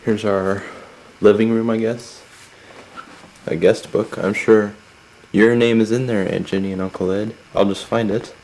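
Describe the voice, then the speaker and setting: A man's voice: fairly low pitch, little pitch movement, unhurried, darkish tone. A man giving a rambling house tour with wry asides, recorded on a 1990s camcorder at home. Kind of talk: casual handheld house tour. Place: family house, indoors and garden. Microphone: camcorder built-in mic. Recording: noisy 1990s camcorder audio.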